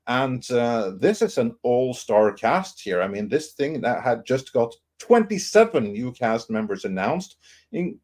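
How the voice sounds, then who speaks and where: A man co-hosting a casual podcast panel, presenting news in a relaxed, rambling way full of fillers. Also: mid-range voice, unhurried.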